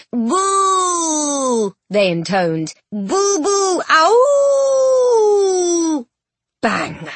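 A woman reads a children's story aloud with expressive, playful narration and the occasional aside to the listener. Her voice is fairly high and lively, with a husky, breathy texture. The sound is close and dry, with no room echo. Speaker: audiobook narrator. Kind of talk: scripted narration.

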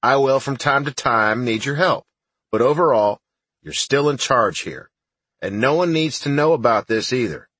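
A man voicing a gruff, blunt older army sergeant in an audiobook, with a husky voice. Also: medium pitch, animated, moderate pace, a bit bright, dry recording, voice pushed up.

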